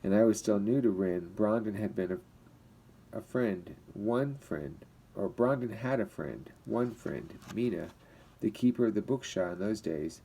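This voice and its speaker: Man reading a reminiscing storybook villager, low, mellow. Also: unhurried, vocal fry, slight background noise, rough recording. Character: village man recalling childhood.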